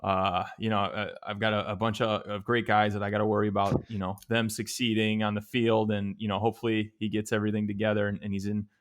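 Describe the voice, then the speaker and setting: An evasive football coach, as a podcast host mimics him fielding media questions with stock cliches. The voice sits fairly low, and the delivery is rambling and full of fillers. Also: male voice, level tone, fast talker, few pauses, close to an everyday voice. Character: adult male football coach giving a media answer.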